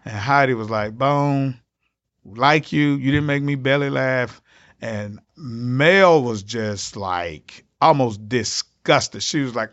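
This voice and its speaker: A comedian appearing as a podcast guest tells a story in a slow, medium-pitched voice with a fairly bright tone. He acts out other people's lines with big jumps in his voice, and the audio is slightly dull and lo-fi.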